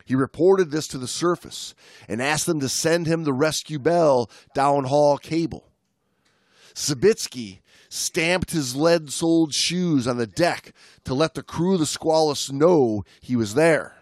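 A man's voice: fairly high pitch, a little slow, no echo, clean studio sound. A man co-hosting a history podcast, chatting loosely and reading a rescue account aloud. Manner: relaxed, with many fillers and restarts. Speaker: podcast co-host. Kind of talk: casual chat and read history narration.

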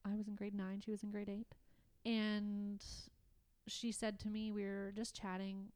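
A woman from Canada shares a heartfelt personal story, her telling halting and emotional, full of restarts. Her voice sits at an ordinary pitch and was caught close up in a dry room with no echo. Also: completely flat delivery, a little mellow, clear, resonant tone. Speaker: guest. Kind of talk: personal testimony in conversation.

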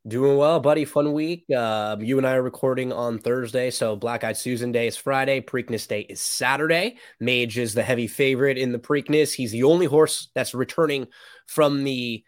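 A man's voice: medium pitch, normal speed. Easygoing male horse racing guest. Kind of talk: casual podcast conversation.

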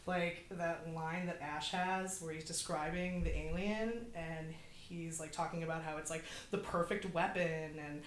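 A woman's voice: fairly even intonation, unhurried, hardly any pauses. A young woman co-hosting a podcast, chatting casually about a film, laughing often and saying "like" a lot. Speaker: podcast co-host. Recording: echoey room with faint rumble.

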